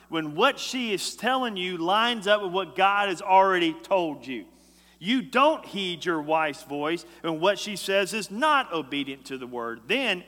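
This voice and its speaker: A man preaching a sermon as a pastor, emphatic and swinging between loud and hushed lines. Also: sits high. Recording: echoey hall.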